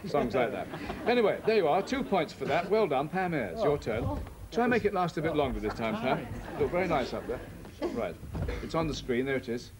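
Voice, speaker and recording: A man hosting a studio game show, quick and teasing, with playful asides to the players. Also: on the high side, sing-song, a crowd in the background. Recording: hissy old VHS tape transfer.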